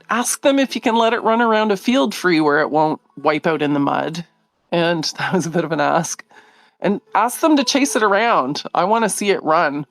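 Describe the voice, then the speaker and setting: A middle-aged woman hosting a live video, telling a story in a casual, animated way, laughing often and acting out what others said. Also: lowish voice, dry recording. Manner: animated, laughing, acts out quoted voices.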